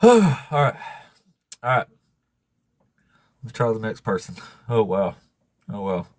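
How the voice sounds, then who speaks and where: A man hosting a casual livestream, laughing and swearing as he thanks viewers, emotional and fighting back tears in a raspy voice. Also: lowish voice, expressive, slow, dry recording, studio quality. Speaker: livestream host.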